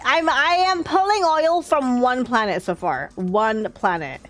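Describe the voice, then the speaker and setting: A woman's voice: sits high, lively intonation, measured pace. A young woman streaming a game live, chatting casually and talking to herself, laughing often and sounding tired. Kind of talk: casual live-stream chat while playing.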